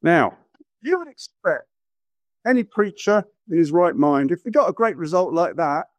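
A middle-aged man preaching a sermon, animated and acting out quotes with exaggerated voices. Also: on the high side, normal speed, dry recording.

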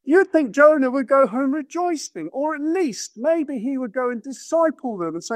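A middle-aged man preaching a sermon, animated and acting out quotes with exaggerated voices. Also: very high voice, moderate pace, few pauses, no room sound.

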